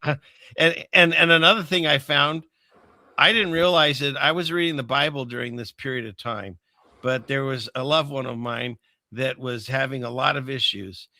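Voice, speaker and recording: A man's voice: mid-range voice, normal speed, bright, forceful tone, no echo. A man hosting a show, telling a story in an earnest, conversational way. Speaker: podcast host. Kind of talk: casual conversation.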